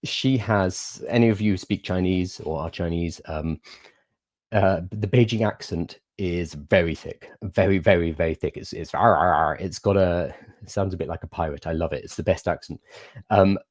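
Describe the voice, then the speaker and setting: A young man hosts a casual livestream, talking through questions from his viewers in a chatty, explanatory way. His voice sits low, and the sound is dry and close, with no room echo. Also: moderate pace, a little mellow. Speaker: livestream host.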